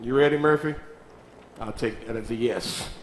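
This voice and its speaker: A man's voice: mid-range voice, normal speed, noisy background. A man preaching a sermon in a church, calling out to the congregation and teasing them. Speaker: pastor. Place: church sanctuary. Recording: echoey church sanctuary.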